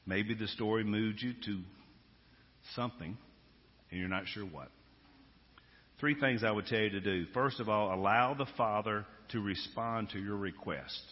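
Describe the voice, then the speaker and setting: A man's voice: lowish voice, normal speed. Man preaching in a reverberant hall. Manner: swings from hushed storytelling to loud emphatic exhortation. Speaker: pastor. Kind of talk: sermon with storytelling. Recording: dull sound with long hall reverb.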